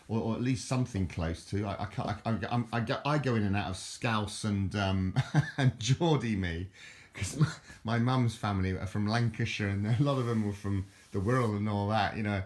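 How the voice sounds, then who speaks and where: A man's voice: lowish voice, moderate pace. Rambling older man, southern English accent. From southern England. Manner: rambling, chuckling, repeats words and restarts. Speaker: vlogger. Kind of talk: rambling casual chat to camera.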